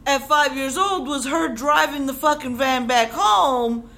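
A young woman from Chicago telling a personal story on stage, animated and profane, acting out the voices she quotes. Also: sits high, measured pace, slight background noise. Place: stage before a live audience.

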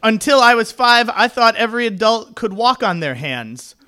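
Performing comedic stories live at a small venue, a young man with a tenor voice pokes fun at himself wryly. His high voice has a sing-song lilt, a bright, forceful tone, and a moderate pace.

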